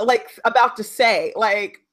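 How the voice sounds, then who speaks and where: A woman co-hosting a casual podcast, animated and teasing, leaning on "like" and acting out the voices she quotes. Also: a little high, measured pace. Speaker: podcast co-host. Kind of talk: casual chat.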